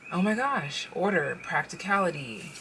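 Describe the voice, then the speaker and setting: A woman with a low-pitched voice reads tarot cards for the viewer in a loose, chatty way. She often breaks off to exclaim over the cards she turns up. Her tone is bright and sharp, and her speech rambles and restarts. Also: moderate pace, a little hiss or hum. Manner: excitable, exclaims and interrupts herself while pulling cards; speaks straight to the viewer in the second person. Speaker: tarot card reader. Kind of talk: casual pick-a-card tarot reading.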